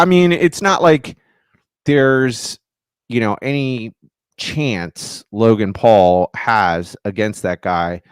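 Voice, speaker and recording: A man co-hosting a podcast in casual chat, rambling with many halting restarts. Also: medium pitch, smooth, no echo, studio quality. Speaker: podcast co-host.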